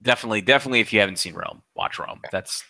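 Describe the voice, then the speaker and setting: A man co-hosting a casual movie chat, excitable and profane, often stumbling and restarting. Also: on the low side, racing, gravelly, dry recording. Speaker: podcast co-host.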